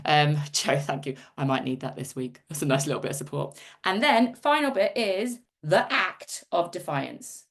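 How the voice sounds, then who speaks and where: A woman's voice: deep voice, lively intonation, normal speed. A middle-aged woman hosting a live video-call workshop, chatty and self-interrupting, often reading out comments from the chat. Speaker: workshop host.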